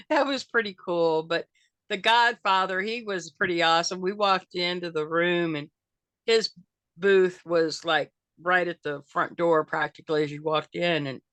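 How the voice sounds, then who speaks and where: A woman's voice: fairly low pitch, a bit bright, dry recording. An older woman chatting as an interview guest, rambling with lots of fillers and restarts. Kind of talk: casual interview chat.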